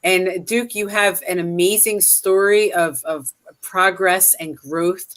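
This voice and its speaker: A woman hosting an interview, speaking earnestly with halting restarts. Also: fairly low pitch, steady tone, fairly bright tone.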